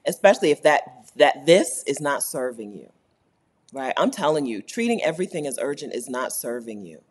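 A woman hosting a casual live stream, reading chat comments aloud, animated and laughing often, repeating her points for emphasis. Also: a bass voice, moderate pace, breathy edge. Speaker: YouTube host answering live chat.

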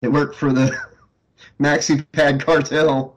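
A man's voice: fairly high pitch, level tone, slow, poor audio. A man co-hosting a movie riff commentary, cracking jokes and laughing often.

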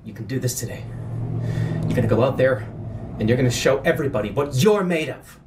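A man's voice: medium pitch, lively intonation, brisk, darkish tone, a little hiss or hum. A man in his thirties chatting casually on a livestream, telling rambling stories and breaking into sudden yelps. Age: 30s. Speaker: streamer.

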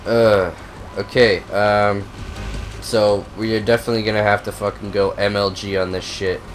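A young man with a cold who coughs now and then, giving profane, excitable, rambling commentary on a racing game. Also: on the low side, normal speed, faint music behind. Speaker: gaming video host. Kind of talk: casual gameplay commentary.

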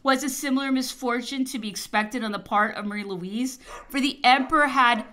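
A woman narrating a historical memoir as an audiobook, reading with expressive, varied emphasis. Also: a little high, fairly quick. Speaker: audiobook reader.

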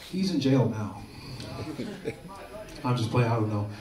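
A man's voice: medium pitch, expressive, takes it slowly. A man doing a loose, crude stand-up comedy set, often tagging lines with "dude". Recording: echoey room from far off, crowd laughter.

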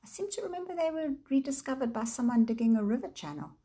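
A woman's voice: sits high, lively intonation, quick pace, slightly rough, voice pushed up. A woman playing a kindly chatty mother. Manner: gentle, explaining.

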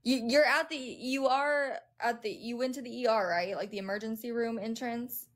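A woman with a slightly high-pitched voice hosts a casual livestream. She talks in a directive way and swears freely. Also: steady tone, moderate pace. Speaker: livestream host.

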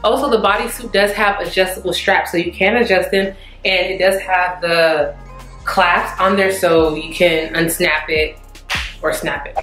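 A woman's voice: on the low side, fairly even intonation, unhurried, fairly bright tone. A young woman chats through a clothing try-on, peppering her talk with "like" and sighing at what doesn't fit. The room rings with echo. Faint music plays underneath. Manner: chatty, exasperated, frequent "like" fillers. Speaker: fashion vlogger. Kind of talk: casual try-on haul chat.

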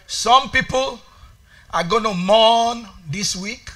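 A man preaching a sermon as pastor, shouting calls to the congregation and dropping to quiet storytelling. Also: high-pitched, expressive, normal speed, long pauses. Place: church sanctuary.

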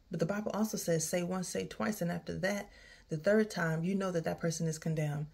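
A woman's voice: fairly low pitch, fairly even intonation, a little fast, vocal fry, a little mellow, slightly rough. Sighing woman venting in a vlog. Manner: heartfelt, sighing, drifting into faith talk. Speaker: vlogger. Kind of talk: candid personal vlog. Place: outdoors near her home, rain starting.

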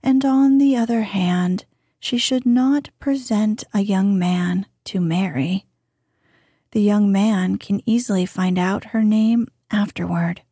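Slow, breathy woman reading softly. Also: mid-range voice, no room sound, studio quality. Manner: soft, hushed, partly whispered delivery. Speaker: sleep-story narrator. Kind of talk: slow soothing bedtime reading.

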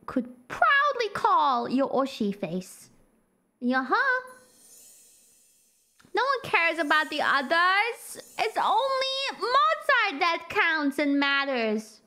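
A woman's voice: sits high, a bit bright. A young woman streaming a game, gasping and reacting playfully as she reads in-game text aloud.

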